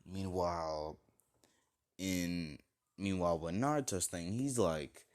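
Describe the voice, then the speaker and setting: Young man, deep voice, loose crude fan-fic rambler. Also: slow, darkish tone. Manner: crude, rambling, full of likes and kindas. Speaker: fan fiction storyteller. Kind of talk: casual rambling retelling.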